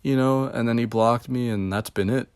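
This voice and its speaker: A man's voice: medium pitch, steady tone, normal speed, darkish tone, clean tone, no room sound, studio quality. A man vlogging in a rambling, casual rant, swearing often and sounding confused and exasperated. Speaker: video blogger.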